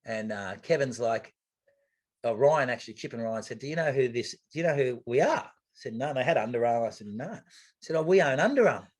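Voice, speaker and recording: An Australian man telling an anecdote in a casual interview, animated and acting out the voices of others, with the odd swear word. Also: medium pitch, fairly quick. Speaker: guest, retired triathlete.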